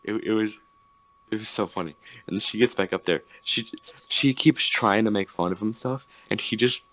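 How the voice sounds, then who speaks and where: A man's voice: on the low side, normal speed, fairly bright tone, no room sound. A young man on a podcast, chatting casually and telling a rambling story with many restarts. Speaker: podcast host. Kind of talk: casual chat.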